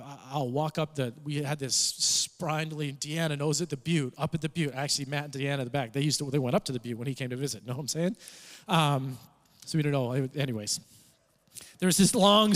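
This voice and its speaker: A man preaching a sermon, telling stories with acted-out quotes in an animated, conversational way. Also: a little high. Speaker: pastor. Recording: reverberant church hall.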